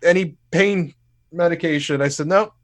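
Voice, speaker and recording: A man's voice: fairly high pitch, moderate pace. A man telling a comedic story in a casual podcast chat, swearing freely and acting out what people said. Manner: animated, swears freely, acts out quotes loudly. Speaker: podcast co-host.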